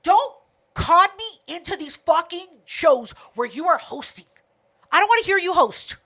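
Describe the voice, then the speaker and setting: A woman's voice: very high voice, very animated, unhurried, bright, forceful tone. A woman co-hosting a podcast, retelling a night out in a casual, profane chat full of quoted back-and-forth. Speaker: podcast co-host.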